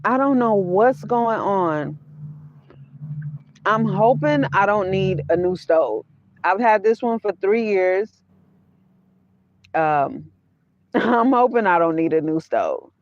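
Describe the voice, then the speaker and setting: A woman with a medium-pitched, animated voice hosts a casual livestream from her van, speaking slowly with frequent pauses. She addresses her viewers directly, repeats her phrases, and laughs a lot. The vanlife vlogger's audio has a dull, lo-fi quality.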